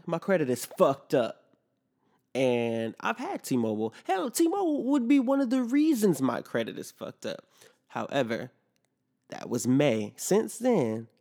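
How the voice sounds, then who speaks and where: Gravelly young man ranting casually. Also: mid-range voice. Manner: animated, profane, acts out both sides of conversations. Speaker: podcast host. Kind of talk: casual storytelling rant.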